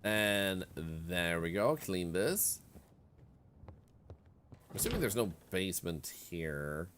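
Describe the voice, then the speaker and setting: A man's voice: low voice, sing-song, slow, a bit bright, a little hiss or hum. A man streaming a video game in casual commentary, chatting and reading the game's text aloud as he plays. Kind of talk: casual let's-play commentary.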